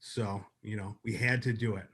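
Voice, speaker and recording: A man's voice: lowish voice, fairly even intonation, moderate pace, a bit bright. A man co-hosting a podcast, reviewing a TV episode in a chatty, upbeat way with lots of fillers. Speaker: podcast co-host. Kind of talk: casual review chat.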